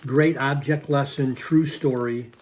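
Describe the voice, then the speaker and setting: A man's voice: medium pitch, a little slow, slight background noise. Man telling a story with punchy asides. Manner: animated, repetitive, punchy sound words. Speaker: channel host. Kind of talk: casual storytelling to viewers.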